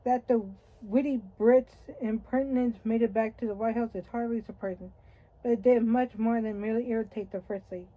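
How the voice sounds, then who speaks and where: A woman's voice: on the high side, steady tone, brisk, dull audio. A woman reading a nonfiction history book aloud, wry and conversational with occasional slips and restarts. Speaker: audiobook reader.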